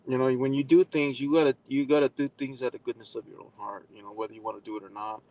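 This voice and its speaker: A man's voice: medium pitch, fairly even intonation, fast talker, darkish tone, highs cut off. A man giving a casual live lesson, rambling with many fillers and speaking bluntly, with some profanity. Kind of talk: casual live-stream talk.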